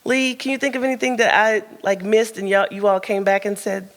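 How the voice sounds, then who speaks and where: In a big-sounding event room, an author answers questions at the launch of her book, speaking openly and chattily with frequent laughter and plenty of ums and likes. Her voice is medium-pitched and brisk, with fairly even intonation.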